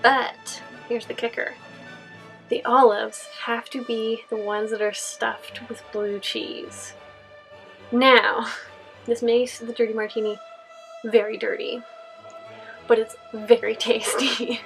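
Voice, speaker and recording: A woman's voice: a little high, level tone, slow pace, gravelly, long pauses, a bit bright, soft background music, low-quality recording. A young woman from California answering Q&A questions in a casual vlog, rambling with lots of fillers and laughs. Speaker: costume vlogger.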